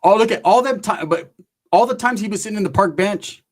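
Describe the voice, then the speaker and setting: A man's voice: sits high, brisk. A man co-hosting a live-stream chat, joking around and swearing casually. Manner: joking, profane, easygoing. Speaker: co-host.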